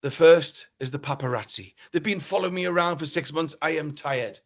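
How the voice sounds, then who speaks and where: A man's voice: on the high side, a little fast, close to an everyday voice. A man voicing a boastful male Hollywood film star on the phone. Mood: smug. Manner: boastful, self-admiring.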